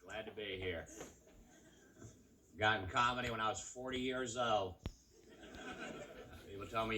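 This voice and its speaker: A man with a West Texas drawl doing a stand-up comedy set, telling stories in a dry, unhurried way. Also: lowish voice, steady tone, sharp tone, a little hiss or hum.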